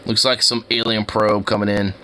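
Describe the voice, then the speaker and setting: A man giving casual, excitable commentary while browsing street view, slangy and laughing often. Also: lowish voice, moderate pace, slight background noise. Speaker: streamer.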